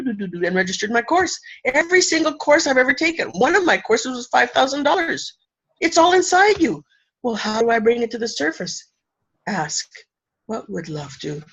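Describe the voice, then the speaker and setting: A woman from Canada, a spiritual teacher and speaker, talking effusively and emotionally in an interview, laughing often and pausing for effect. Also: fairly high pitch, slightly rough, lo-fi sound. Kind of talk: casual interview talk.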